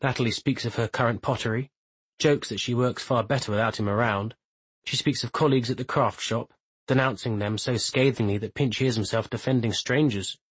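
A man narrates a literary novel in a measured, even reading. His voice is husky and sits at a middle pitch. The sound is close and dry. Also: no echo, low-quality recording. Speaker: audiobook narrator. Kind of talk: scripted narration.

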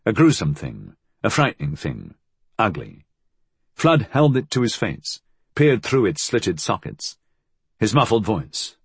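A man narrating an audiobook in an expressive, measured reading. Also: fairly low pitch, creaky, breathy edge, dry recording.

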